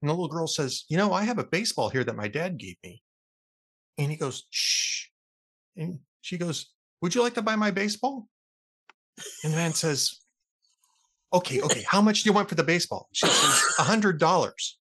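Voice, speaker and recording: A man hosting a talk show tells jokes in a casual, chatty way. His voice is fairly high for a man and swings widely in pitch as he acts out the characters' lines. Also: fairly quick, breathy edge. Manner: lively storyteller who acts out the characters' lines. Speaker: radio talk show host. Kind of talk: casual chat, telling jokes.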